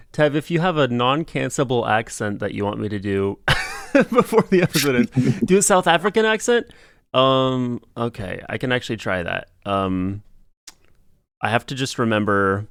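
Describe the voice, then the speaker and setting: A man's voice: fairly low pitch, creaky, clean tone, dry recording, clean studio sound. A young man hosting a casual livestream podcast, rambling and laughing often. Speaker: podcast host.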